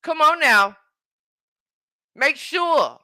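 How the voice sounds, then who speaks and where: A woman's voice: sits high, lively intonation, very slow, bright, forceful tone, dry recording, studio quality. A woman chatting emphatically on a phone livestream from home, repeating herself and answering commenters. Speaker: live streamer. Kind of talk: casual live-stream chat.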